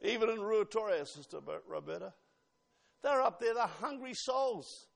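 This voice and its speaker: High-voiced New man preaching. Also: expressive, moderate pace, vocal fry. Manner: emphatic, quotes scripture, asks the congregation questions. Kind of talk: sermon.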